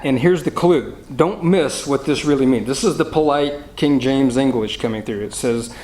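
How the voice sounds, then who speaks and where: A man's voice: mid-range voice, normal speed, few pauses, darkish tone. A man teaching a Bible study in a jovial, anecdotal way, reading and explaining verses. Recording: roomy room echo, faint noise.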